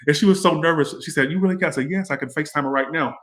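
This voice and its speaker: A man's voice: a little high, rapid-fire, fairly bright tone. A man hosting a casual livestream tarot reading. He rambles and swears freely as he chats with viewers. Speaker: tarot reader and livestream host. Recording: echoey room.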